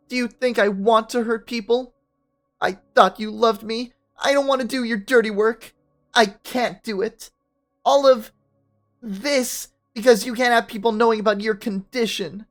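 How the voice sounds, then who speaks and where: A narrator voicing a distraught young woman student who yells slowly and shrilly. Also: lightly acted. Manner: shrill, loud and slow.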